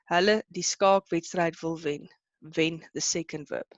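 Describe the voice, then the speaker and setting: A woman's voice: on the low side, steady tone, normal speed, no room sound, lo-fi sound. A woman teaching an online class who explains terms in two languages and keeps checking that her students are following. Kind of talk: online lesson.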